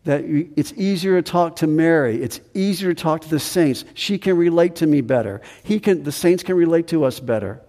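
A man preaching a sermon with earnest emphasis, slowing down on key phrases and rising in pitch when stressing a point. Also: mellow. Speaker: pastor. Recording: long hall reverb.

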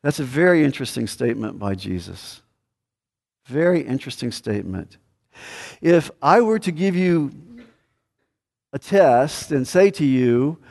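A man's voice: medium pitch, animated, measured pace, vocal fry, pauses often, darkish tone, in a large hall. A man preaching a sermon as pastor, emphatic, rising and dropping in volume.

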